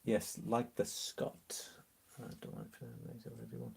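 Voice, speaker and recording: A man from Liverpool with a mixed English accent, mildly Liverpool, hosting a relaxed, casual live-stream chat and answering viewers. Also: mid-range voice, unhurried, creaky, slightly rough. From Liverpool, England. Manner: chatty, relaxed, reads out viewer comments with easy laughs.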